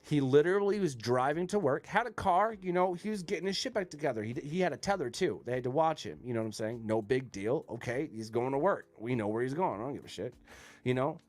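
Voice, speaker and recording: A man's voice: medium pitch, expressive, quick pace. A man hosting a podcast, talking in a blunt, rambling, profane way. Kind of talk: casual chat.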